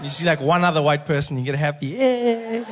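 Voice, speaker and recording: South African stand-up comedian, slightly raised voice, casual crowd banter on a handheld mic. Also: male voice, on the high side, lively intonation, a little fast, background noise. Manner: chatty, teases the crowd directly. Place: comedy club stage.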